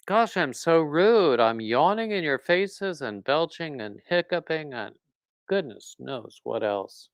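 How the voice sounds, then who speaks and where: A man's voice: fairly high pitch, lively intonation, takes it slowly, no room sound. A man hosting a crafting livestream, rambling casually and reading out viewer comments. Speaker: crochet livestream host.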